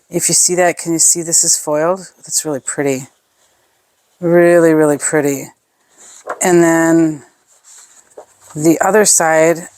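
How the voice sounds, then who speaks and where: A woman chatting through an unboxing of scrapbooking supplies, gushing over each piece and thinking aloud with fillers. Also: on the low side. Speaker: scrapbooking product reviewer. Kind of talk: casual unboxing show-and-tell.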